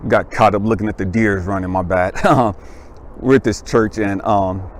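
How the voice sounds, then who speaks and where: A man telling a personal story as a motivational speaker, casual and animated, laughing and checking in with the listener, his voice jumping high when he gets emphatic. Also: normal speed, slight background noise. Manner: voice jumps much higher and louder when he is emphatic. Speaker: motivational speaker and life coach.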